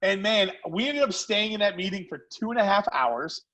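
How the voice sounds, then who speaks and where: A man who founded a food company, a podcast guest telling animated stories in casual chat. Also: sits high, normal speed, muffled recording. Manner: animated, lively storyteller. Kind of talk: casual storytelling.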